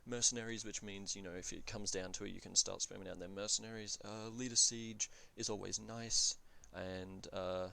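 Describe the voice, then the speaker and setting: A man's voice: fairly low pitch, steady tone, moderate pace, gravelly, hardly any pauses, bright, forceful tone. A man giving casual commentary on a strategy game, thinking aloud and often correcting himself mid-sentence with fillers. He talks in an offhand, blunt way and swears now and then.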